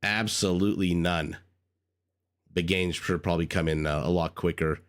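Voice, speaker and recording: A game caster with a low, steady voice talks at a normal speed into a desk microphone. He's getting over a cold and chats through live game commentary, thinking aloud and saying hello to viewers.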